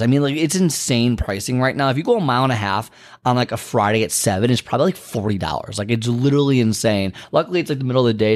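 A man hosting a solo podcast, rambling and venting before turning motivational. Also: mid-range voice. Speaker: podcast host. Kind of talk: casual solo podcast monologue.

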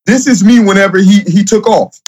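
Halting, repetitive man guest. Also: high-pitched, a little mellow. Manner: halting, repeats words and restarts often. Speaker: guest, former reality show contestant. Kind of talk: casual interview chat.

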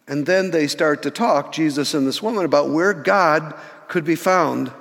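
A male pastor telling a sermon story in a conversational, animated way, in a church hall. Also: fairly high pitch, normal speed, vocal fry. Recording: long reverb in a large hall.

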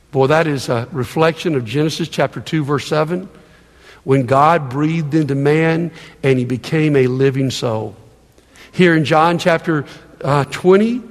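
A man's voice: on the high side, in a large hall. A man preaching a sermon as pastor, conversational and emphatic, repeating himself for stress.

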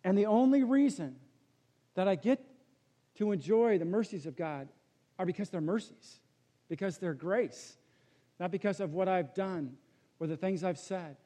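High-voiced pastor preaching a sermon. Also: male voice, a little slow, pauses often. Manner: storytelling with jokes, swings from loud to hushed.

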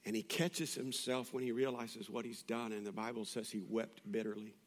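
A male pastor preaching a sermon in a conversational way, moving from hushed, intimate passages to loud, urgent appeals. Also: fairly low pitch, steady tone, normal speed. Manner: conversational, with restarts and asides.

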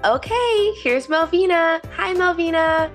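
A woman's voice: extremely high pitch, expressive, measured pace, soft background music. A woman hosting a children's reading show, quizzing her young listeners in a bubbly way. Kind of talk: upbeat kids' show hosting.

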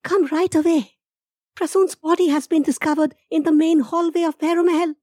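Guy doing a shrill panicky young woman, squeaky high falsetto, rushed. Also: level tone, darkish tone, dry recording, clean studio sound, distant mic. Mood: urgent. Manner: urgent, hurried.

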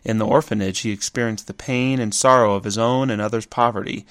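Low-voiced man in reflective talk. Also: fairly even intonation, a little fast, fairly bright tone, no echo, studio quality. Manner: contemplative, rhetorical questions. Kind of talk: reflective spoken essay.

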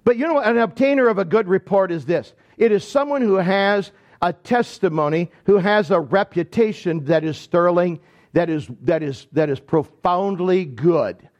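A man from Michigan preaching a sermon to his congregation, telling a story in a conversational, animated way and talking directly to the people. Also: sits high, normal speed, muffled recording. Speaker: pastor. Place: church sanctuary.

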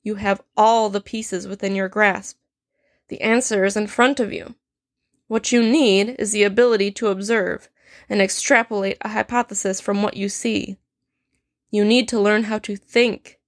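A woman's voice: medium pitch, steady tone, normal speed, dry recording, studio quality, lightly acted. A woman reading a story aloud, voicing a stern, sardonic male potions professor who speaks in a cold, clipped and cutting way. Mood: cold, scornful.

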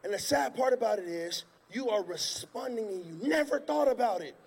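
High-voiced preacher in a reverberant hall. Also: male voice, expressive, normal speed, slightly rough. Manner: repetitive, emphatic preaching with sudden shouts. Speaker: pastor. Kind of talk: sermon. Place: church stage before a congregation. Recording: long reverb of a large hall.

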